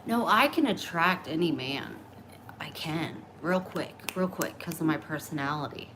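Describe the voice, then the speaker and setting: Low-voiced woman, candid vlog chat. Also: unhurried, background noise. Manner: blunt, oversharing, animated. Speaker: vlogger.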